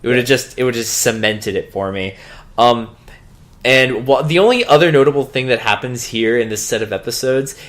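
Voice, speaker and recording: Male co-host, offhand chatty recap, mid pitch, voices the quotes. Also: brisk, a bit bright. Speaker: podcast co-host. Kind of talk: casual recap chat.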